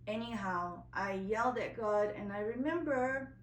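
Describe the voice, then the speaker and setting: A woman's voice: medium pitch, unhurried, echoey room, recorded from a distance, a little hiss or hum, rough recording. A woman vlogger telling a personal story in a candid, emotional way, a little nervous, full of fillers and restarts.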